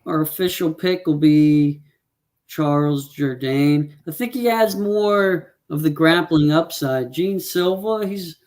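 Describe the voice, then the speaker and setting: A man's voice: a little high, slow pace, a little mellow. A man co-hosting a casual fight predictions show, rambling through stats and checking numbers aloud with plenty of fillers. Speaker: podcast co-host.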